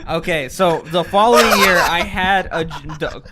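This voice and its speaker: A man's voice: high-pitched, moderate pace, a loud crowd. A young man co-hosting a casual podcast who reads out the chat and laughs often. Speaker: podcast co-host reading the chat.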